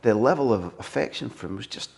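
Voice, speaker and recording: A man, a football journalist and podcast host, telling animated stories in a relaxed interview. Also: mid-range voice, fast, creaky. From Scotland. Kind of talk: conversational interview, storytelling.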